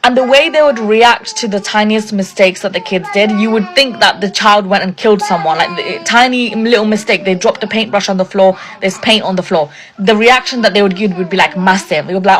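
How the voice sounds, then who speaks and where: A woman's voice: mid-range voice, a little fast, few pauses. Indignant young woman telling a story. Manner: indignant, chatty, lots of "like" fillers. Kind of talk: casual storytime.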